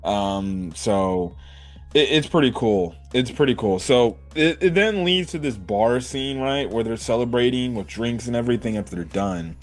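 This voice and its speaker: A man's voice: mid-range voice, lively intonation, normal speed, soft background music. A man giving a casual, rambling anime episode review, full of fillers and slang.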